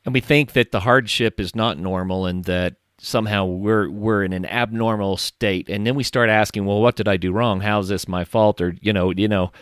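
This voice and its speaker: Low-voiced reflective podcast host. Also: male voice, fairly even intonation, moderate pace, hardly any pauses, smooth, no room sound, studio quality. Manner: reflective, thinks aloud. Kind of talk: conversational interview.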